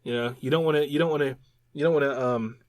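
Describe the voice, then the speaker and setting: A man co-hosting a podcast in casual chat, animated and rambling, often repeating words as he explains. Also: medium pitch, quick pace, no room sound, studio quality. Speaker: podcast co-host.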